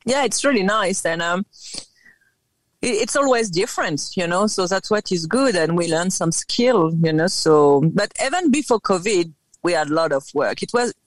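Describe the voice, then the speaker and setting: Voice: mid-range voice, lively intonation, moderate pace, no echo. A speaker from France, a native French speaker with a French accent tinged with Australian, chatting casually as an interview guest and laughing often. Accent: French, with some Australian. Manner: laughs often, hesitant with fillers and restarts.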